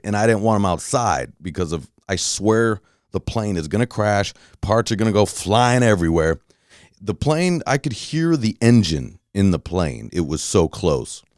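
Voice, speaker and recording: A man hosting a podcast, telling a story in a casual, animated monologue, swearing and acting out his own reactions. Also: fairly low pitch, no echo, clean studio sound. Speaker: podcast host.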